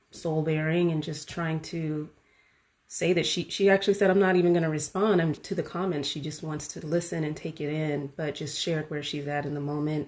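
Low-pitched woman podcast host, casual monologue, gets pumped up, lots of "like" and "you know". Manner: animated, enthusiastic, frequent fillers. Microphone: podcast mic.

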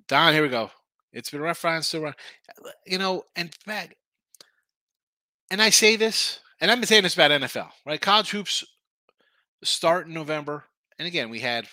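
A man's voice: fairly high pitch, normal speed, pauses often, sharp tone, no room sound. A man hosting a sports betting show, rambling in casual talk and often repeating himself.

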